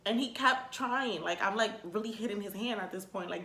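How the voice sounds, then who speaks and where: A young woman telling a storytime rant in a casual vlog, animated, swearing freely and saying "like" a lot. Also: on the high side, normal speed, hardly any pauses. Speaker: vlogger. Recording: echoey room.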